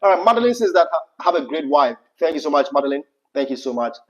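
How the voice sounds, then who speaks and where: Ghanaian man co-hosting a live chat, Pidgin mixed in, fairly high voice, lo-fi audio. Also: sing-song, quick pace. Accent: Ghanaian English. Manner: laughs often, slips into Pidgin. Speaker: livestream co-host. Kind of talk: casual livestream chat.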